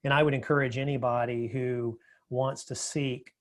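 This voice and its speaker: A man with a voice of ordinary middle pitch, talking as a guest in a podcast interview. He speaks in a reflective, measured way and often restarts his sentences as he thinks aloud. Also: flat delivery. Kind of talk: casual interview conversation.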